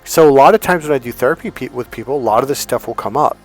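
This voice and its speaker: A man speaking as a relationship coach gives a casual motivational talk over soft background music. His mid-range voice moves quickly, and he chattily retells conversations in quoted dialogue.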